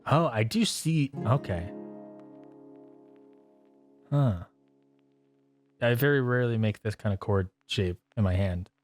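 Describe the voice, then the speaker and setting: A man's voice: fairly low pitch, slow, long pauses. A man streaming a songwriting session, chatting casually in a rambling, self-interrupting way with frequent laughs. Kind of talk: casual chat while playing guitar. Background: guitar playing.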